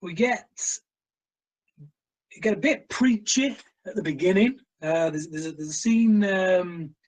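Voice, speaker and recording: A man's voice: high voice, unhurried, poor audio. A man co-hosting a casual film review chat, a blunt, exasperated critic who uses many fillers. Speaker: co-host of a film review show.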